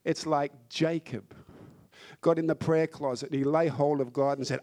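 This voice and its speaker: A man's voice: on the high side, steady tone, normal speed, darkish tone. A man preaching a sermon, fervent and emphatic, repeating phrases to drive points home.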